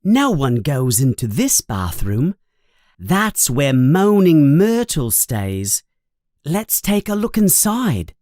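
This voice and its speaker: A man's voice: on the high side, big pitch swings, slow, darkish tone, no room sound, studio quality. A man voicing a clever, earnest schoolgirl who speaks eagerly and explains things.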